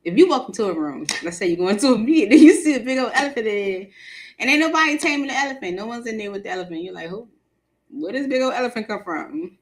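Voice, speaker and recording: A woman hosting a live tarot stream, chatting casually with viewers, animated and laughing often, with features. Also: a little high, quick pace. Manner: animated, laughs often, talks to the chat directly.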